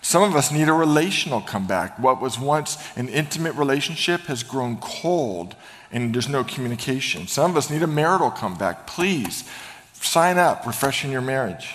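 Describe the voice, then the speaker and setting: Man, pastor, energetic sermon, storytelling, long reverb. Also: medium pitch, normal speed. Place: church sanctuary.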